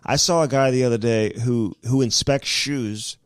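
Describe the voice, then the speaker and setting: A man's voice: mid-range voice, steady tone, moderate pace, smooth, dry recording, studio quality. A man co-hosting a podcast in easygoing, teasing casual chat, sometimes reading out announcements. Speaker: podcast co-host.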